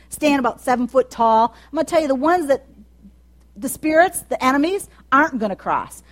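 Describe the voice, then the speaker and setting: A woman preaching a sermon in a conversational way, dropping soft and low, then building to loud, high emphatic passages with asides to her listeners.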